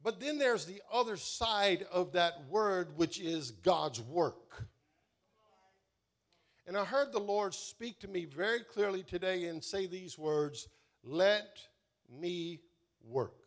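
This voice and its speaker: A man preaching a sermon as pastor, calling on the congregation to respond and swelling loud on key words before dropping soft. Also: high voice, animated. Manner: slow, drawn-out emphasis.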